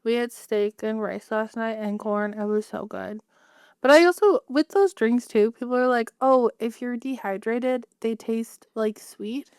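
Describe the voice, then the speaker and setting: A woman with a higher, smooth and clear voice chats casually as a podcast co-host. She talks in quick bursts that trail off mid-thought. The recording is dry and close. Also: a little mellow, no echo. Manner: quick chatty talker, trails off mid-sentence. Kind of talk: casual chat.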